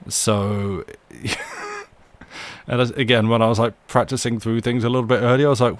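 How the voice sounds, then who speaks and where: A young man hosts a live reading stream from a desk microphone at home, chatting casually in a rambling, self-deprecating way. A storyteller, he has a mid-range voice, very animated, at a moderate pace.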